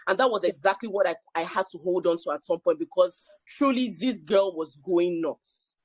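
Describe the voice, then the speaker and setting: A woman's voice: fairly low pitch, normal speed, husky, dry recording. A woman sharing a personal story at a panel, emphatic and repeating phrases for effect. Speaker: panel speaker.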